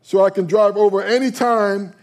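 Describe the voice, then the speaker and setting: A man's voice: high-pitched, steady tone, normal speed, darkish tone, voice pushed up. A man voicing a stressed man in a joke who pleads and rambles as he asks God for a wish. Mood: pleading.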